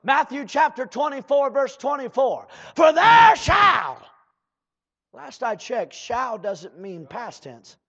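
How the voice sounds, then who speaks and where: This lo-fi, muffled-sounding clip features a male preacher whose voice is very high, husky and full of life. His fiery sermon lurches from shouting to slow, drawn-out asides as he addresses the congregation directly.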